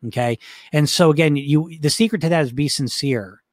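A man's voice: a little high, normal speed, no room sound, studio quality. A man coaching in a casual teaching talk, conversational, often checking in with the listener and restarting his sentences. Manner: frequent restarts and fillers.

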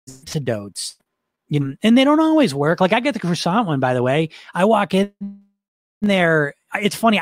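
This weight-loss coach is a man whose voice sits fairly high, recorded dry with no room sound. During his live online session he goes through viewer comments in a bright, meandering way, restarting often and laughing frequently.

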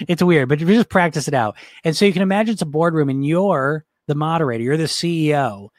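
A man's voice: on the high side, a little fast, no room sound, studio quality. A man coaching in a casual teaching talk, conversational, often checking in with the listener and restarting his sentences. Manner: frequent restarts and fillers.

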